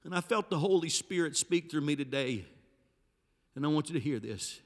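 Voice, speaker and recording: A male pastor preaching a Pentecostal sermon in a church, swinging from soft, intimate passages to shouted climaxes. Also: fairly high pitch, animated, normal speed. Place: church sanctuary. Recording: long church hall reverb.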